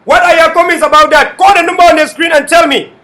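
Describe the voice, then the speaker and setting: A man hosting an online TV show, addressing viewers in an emphatic, repetitive way with bursts of shouting. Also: extremely high pitch, fairly even intonation, quick pace. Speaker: online TV host. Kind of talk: impassioned livestream address.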